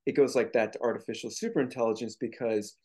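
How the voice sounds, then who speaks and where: A man's voice: medium pitch, fairly even intonation, quick pace, darkish tone. A man speaking as a guest author in a casual interview, explaining his points earnestly with frequent restarts.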